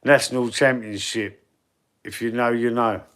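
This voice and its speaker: An English man with a Cockney accent hosts a casual live stream as a football fan, reading chat and rambling in a laid-back, slangy way. He's chatty, repeating words and restarting, in a medium-pitched, steady, fairly bright and clean voice at a moderate pace.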